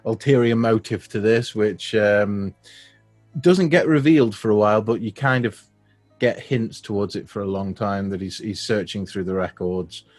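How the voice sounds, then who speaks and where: A man's voice: fairly low pitch, fairly even intonation, normal speed, darkish tone, faint music behind. A man, recapping a film's plot in a dry, wry way during a casual podcast chat. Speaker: podcast co-host. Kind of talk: casual film discussion.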